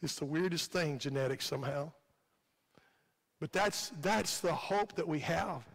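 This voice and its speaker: A man's voice: fairly high pitch, measured pace, vocal fry, fairly bright tone, husky. A male pastor with a Midwestern American accent preaching a sermon in a fervent, repetitive cadence, recorded in a church sanctuary. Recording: long hall reverb.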